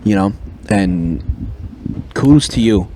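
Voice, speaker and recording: A man hosting a podcast, talking casually in a halting way with many restarts. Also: fairly low pitch, lively intonation, dark tone, slight background noise. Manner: halting, with restarts and "you know". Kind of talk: casual chat.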